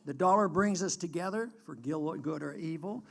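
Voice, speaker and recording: Older American man, high creaky voice. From United States. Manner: earnest, emphatic, halting with restarts. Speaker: guest speaker. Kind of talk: political speech.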